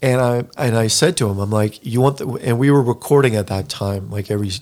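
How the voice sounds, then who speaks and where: A man in his fifties, a professional pianist, chatting casually and telling a lively anecdote. He acts out other people's lines and says "like" a lot. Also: mid-range voice, brisk. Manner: animated storyteller who acts out other people's lines, heavy use of "like". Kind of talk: casual conversation, storytelling.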